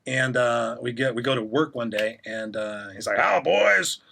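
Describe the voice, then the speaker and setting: A man's voice: medium pitch, fairly even intonation, moderate pace, vocal fry, a bit bright. A middle-aged man, a podcast guest, candidly telling his story in casual interview talk and acting out the voices he quotes.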